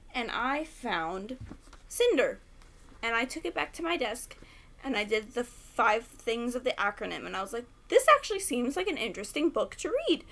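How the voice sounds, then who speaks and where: Young woman gushing and rambling at the camera, kinda high voice, curses a lot. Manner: chatty, rambling, excitable, swears freely. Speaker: book vlogger. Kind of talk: casual rant to camera.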